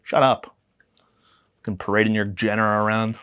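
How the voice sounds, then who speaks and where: A man's voice: on the low side, monotone, moderate pace, fairly bright tone, smooth. A young man hosting a podcast, delivering a profane, mock-aggressive comedic rant that rambles from point to point. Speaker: podcast host.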